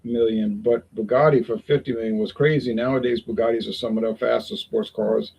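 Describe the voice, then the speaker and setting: Casting: gravelly, husky-voiced man, rambling folksy vlog chat at home. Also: medium pitch, steady tone, fairly quick, darkish tone, poor audio. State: sweating in the heat. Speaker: beer review vlogger. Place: home in Toronto, windows open.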